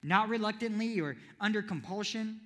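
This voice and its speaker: A youth preacher with a notably high, sharp-toned voice gives a playful sermon in a church hall, drawing the audience in with questions. He speaks at a moderate pace, and a long reverb trails each phrase.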